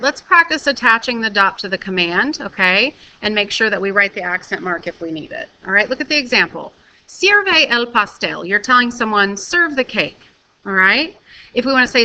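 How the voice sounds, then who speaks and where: A woman teaches a recorded video lesson in a bright, clear voice. She walks through each step carefully and keeps checking in with a quick "okay?". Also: medium pitch, rough recording. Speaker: Spanish teacher.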